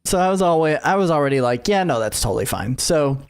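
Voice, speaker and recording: Rambling podcast co-host telling a story. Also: male voice, a little high, expressive, quick pace, smooth. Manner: rambling storyteller, acts out quotes. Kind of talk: casual chat.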